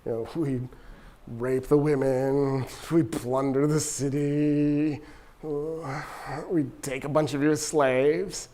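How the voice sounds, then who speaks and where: A man's voice: a little high, steady tone, slow pace, dark tone. A man voicing an elderly male church patriarch who is bewildered and hesitant, with a stammering delivery.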